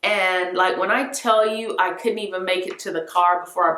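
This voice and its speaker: A woman's voice: lowish voice, moderate pace, hardly any pauses, echoey room. A young woman vlogger casually telling a story to camera, acting out the voices of the people in it. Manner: animated, acts out quoted voices.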